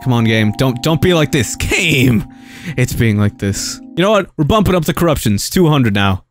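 A young man giving live commentary on a game, excitable and yelping often. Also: mid-range voice, normal speed, soft background music. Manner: excitable, yelps and laughs often. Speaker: streamer.

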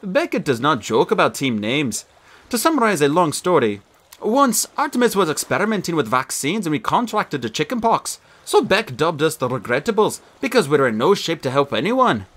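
A man voicing a calm, precocious boy genius who speaks in a polished, formal, precise way. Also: on the high side, moderate pace, voice pushed up. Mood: composed.

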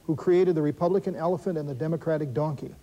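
Brisk, wry man hosting a quiz show. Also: a little high, mellow, low-quality recording. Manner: brisk and wry, adds quick asides and corrections. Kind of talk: reading quiz questions, bantering with teams. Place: television studio.

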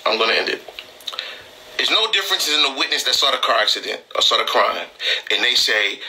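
A man's voice: mid-range voice, very animated, a little fast, sharp tone, poor audio. Heated, emphatic man on a live stream. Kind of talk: impassioned live-stream talk.

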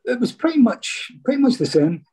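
A man's voice: very high voice, big pitch swings, brisk, warm tone. A Scottish former footballer, a man, chatting casually in an interview and telling rambling stories, often saying "mate". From Scotland.

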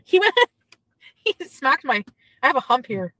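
A woman's voice: sits high, expressive, measured pace, sharp tone, dry recording, low-quality recording. Chatty woman streaming from her car. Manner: chatty, gossipy, reads chat aloud. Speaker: livestreamer. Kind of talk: casual livestream chat.

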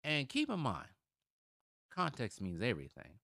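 A man's voice: mid-range voice, huge pitch swings, moderate pace, gravelly, no echo, clean studio sound. A man in his thirties from Milwaukee hosting a sports channel, giving opinionated commentary that turns heated and emphatic when he rants. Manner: heated, gets loud and emphatic when ranting.

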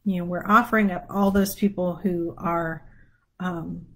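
A woman with a lilt leads a livestreamed prayer from her home. She talks slowly in a husky, breathy voice, greeting viewers in a chatty, easygoing way. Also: fairly low pitch, fairly even intonation, a bit bright, low-quality recording. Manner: chatty, yawning, apologetic, laughs easily. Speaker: prayer leader. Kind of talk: casual livestream chat before prayer. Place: home room with candles. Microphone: phone or webcam livestream.

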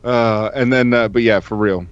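Profane, laughing podcast host, lo-fi. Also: male voice, mid-range voice, steady tone, normal speed, clear, resonant tone, dry recording. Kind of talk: casual chat. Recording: dull lo-fi mic.

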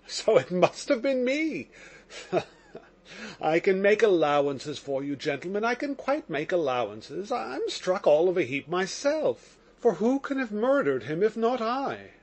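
A man's voice: high voice, very animated, measured pace, darkish tone, exaggerated voice. A man reading an impassioned accused young man. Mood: agitated. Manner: impassioned, exclamatory. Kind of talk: audiobook narration.

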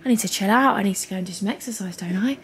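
A woman's voice: mid-range voice, very fast. A young English woman chatting through a casual shopping vlog, gushing over items and calling viewers huns. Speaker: vlogger. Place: large clothing store, indoors. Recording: noisy shop ambience.

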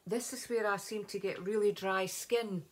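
A Scottish woman talks through her routine in a relaxed home vlog. She rambles cheerfully, full of ums and little asides. Her voice is picked up by a camera set nearby in her home. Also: medium pitch, normal speed. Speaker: vlogger. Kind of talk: casual beauty vlog.

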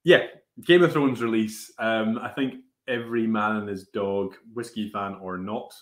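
A man's voice: lowish voice, steady tone, normal speed. A man hosting a casual whisky tasting, chatty and hesitant with many fillers. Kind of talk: casual live-stream chat.

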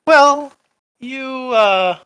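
A man's voice: very high-pitched, very slow, bright, forceful tone, clean tone, no room sound, voice pushed up, full character voice. A man voicing a sneering, bored spectre in a tabletop role-play, drawling and contemptuous. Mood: menacing.

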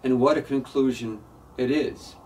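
A pastor delivers his sermon in church with earnest, emphatic conviction, sometimes stumbling over repeated words. His voice sits at an ordinary middle pitch for a man. He is heard from a little way off the microphone. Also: fairly even intonation, normal speed, a little mellow, far from the mic.

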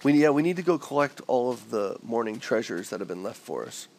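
Gravelly, animated dad leading family game play. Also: male voice, medium pitch, brisk. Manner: excitable, directing his family. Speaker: father and host playing with family. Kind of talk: casual game chat.

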